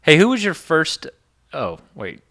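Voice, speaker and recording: A man's voice: fairly high pitch, huge pitch swings, unhurried, a bit bright. A man co-hosting a casual podcast, prompting his partner with questions. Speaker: podcast co-host.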